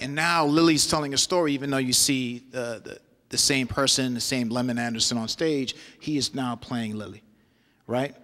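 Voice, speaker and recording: New solo performer, casual lecture, mid-pitched voice, echoing hall. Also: male voice, sharp tone. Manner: conversational, loose, asks audience "right?". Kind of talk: university lecture with storytelling. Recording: long hall reverb.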